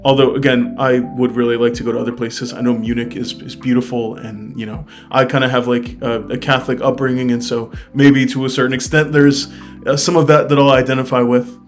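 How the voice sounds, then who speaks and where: A young man from the United States talks through his trip in a loose, candid vlog, full of fillers and easy enthusiasm. His voice sits at an ordinary middle pitch. A faint plucked guitar plays underneath. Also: level tone, a little fast. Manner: chatty, many fillers, candid and upbeat. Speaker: travel vlogger. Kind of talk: casual vlog review.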